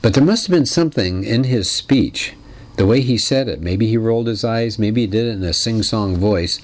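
A man gives a literature lecture in a conversational, explanatory style, asking his listeners questions and occasionally clearing his throat. His voice is on the low side and a little mellow, with a moderate pace.

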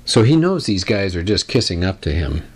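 Deep-voiced man teaching a Bible lesson. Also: sing-song, moderate pace, breathy edge. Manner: casual, conversational, with frequent fillers.

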